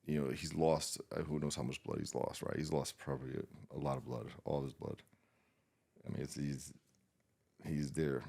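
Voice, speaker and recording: Very deep, gravelly man recounting trauma. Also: level tone, mellow. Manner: halting, many restarts and fillers, swears often. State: emotionally shaken, subdued. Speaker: podcast guest, war veteran. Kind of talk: emotional personal storytelling.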